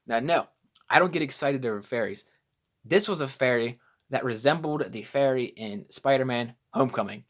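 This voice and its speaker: A man's voice: mid-range voice, moderate pace. Rambling young man telling travel stories. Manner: rambling, self-deprecating, loses his train of thought. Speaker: vlogger. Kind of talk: casual vlog storytelling.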